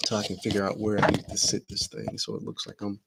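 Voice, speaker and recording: A man's voice: lowish voice, very animated, quick pace, gravelly, background noise. A man hosting a casual livestream from his home, chatting and muttering to himself as he adjusts his camera, picked up by the camera mic. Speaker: livestream host. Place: at home, indoors.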